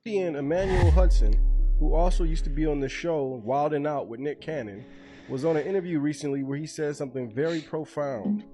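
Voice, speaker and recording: A man's voice: fairly high pitch, fairly quick. A man giving solemn, exhorting faith commentary, urging listeners to get right with God. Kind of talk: preaching commentary over music. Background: soft guitar music.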